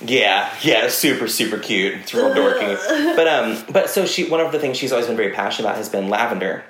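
Young man, podcast guest, animated and chatty, plenty of "like" and laughter, mid-pitched, recorded in an echoey room. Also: fairly quick, a little hiss or hum. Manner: animated storyteller, many fillers and laughs. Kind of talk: casual chat. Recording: roomy echo.

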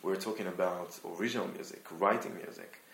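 A young man from Israel speaks with an Israeli accent, his voice sitting very low. He talks through his ideas slowly and thoughtfully, now and then hunting for the right word. The room around him rings with echo. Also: vocal fry, noisy background. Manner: thoughtful, searching for words. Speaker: guest violinist. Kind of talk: casual interview talk.

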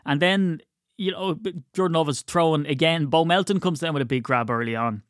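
A man's voice: on the high side, brisk, no room sound, clean studio sound. A man hosting a sports podcast, chatting in an opinionated way with wry asides. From United Kingdom. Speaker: podcast host. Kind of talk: casual solo commentary.

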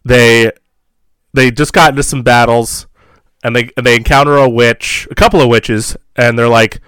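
A man's voice: medium pitch, steady tone, moderate pace, a bit bright, clear, resonant tone, no room sound, clean studio sound. A man co-hosting a casual chat, rambling in a laid-back way with frequent chuckles.

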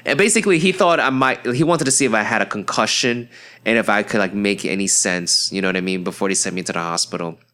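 A young man hosting a podcast, telling a story in a rambling, profane and excitable way, full of fillers and restarts, and jumping into high yelps when he acts out his friends. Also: fast. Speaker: podcast host. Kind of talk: casual storytelling monologue.

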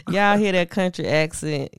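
A woman's voice: lowish voice, a bit bright, clean tone, dry recording, clean studio sound. A woman hosting a podcast in a casual, laid-back chat, slangy and full of fillers. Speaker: podcast host.

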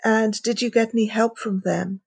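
A woman hosting a conversational interview, curious, frank and relaxed as she asks questions. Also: fairly high pitch, normal speed, gravelly, husky, no echo. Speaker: interviewer, podcast host.

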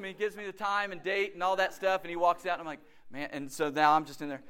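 Fairly quick and high-pitched, a middle-aged man preaches a sermon through lively storytelling, acting out each quote.

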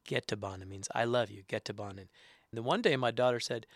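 A middle-aged man teaching words and phrases in a casual way, repeating each one slowly for learners. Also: mid-range voice, dry recording, studio quality. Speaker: language teacher. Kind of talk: casual instruction.

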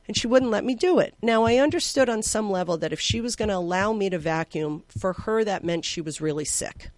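A woman guest telling a heartfelt personal story, with many fillers, sometimes slow and soft and sometimes loud and excited. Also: medium pitch, dry recording.

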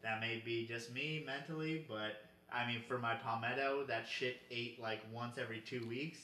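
Casting: man with a bright, sharp tone, easygoing and hedging, recorded in an echoey room. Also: medium pitch, moderate pace, slight background noise. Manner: relaxed, hedging. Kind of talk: casual chat.

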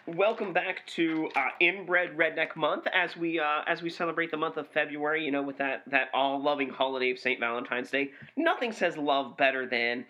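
A man's voice: fairly high pitch, moderate pace, few pauses, bright, forceful tone. A man co-hosting a movie review podcast, swearing freely and ranting with exasperation in casual chat.

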